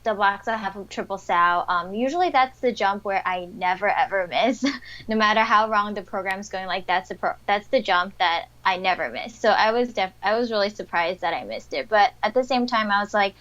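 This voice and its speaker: A woman's voice: mid-range voice, fairly bright tone, muffled recording. Young woman, chatty upbeat interviewee. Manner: chatty, upbeat, frequent fillers and laughs. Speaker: interviewed athlete. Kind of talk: casual interview answers.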